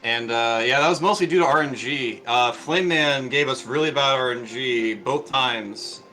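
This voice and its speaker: A man's voice: mid-range voice, normal speed, pushed and bright, faint music behind, poor audio. A middle-aged man chatting casually after a speedrun, rambling with lots of fillers and restarts. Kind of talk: casual post-run chat.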